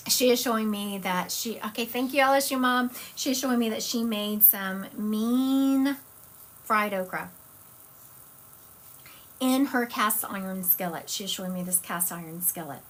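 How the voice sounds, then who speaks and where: A woman's voice: medium pitch, normal speed, fairly bright tone. A woman with a Southern US accent, a psychic medium chatting casually and rambling on a live stream. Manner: chatty, rambling, self-correcting.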